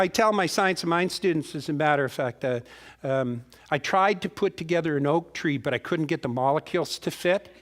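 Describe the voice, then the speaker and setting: A man preaching in a spiritual center, spinning a folksy story in a slightly high voice. He rambles, doubles back on his words and keeps turning to the congregation with direct questions. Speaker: guest minister. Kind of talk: storytelling sermon.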